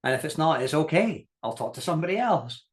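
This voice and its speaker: A business coach leads a masterclass, spinning energetic stories, imitating the voices he quotes, and laughing frequently. He drives his main points home by repeating them directly. His voice sits a little high and moves quickly.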